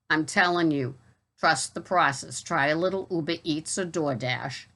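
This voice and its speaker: A woman with a Boston accent talks to her viewers in a loose, chatty way. Her voice sits low, and her wry, exasperated asides keep the talk moving. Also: fairly bright tone. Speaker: vlogger and gig delivery worker. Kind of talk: casual talk to camera.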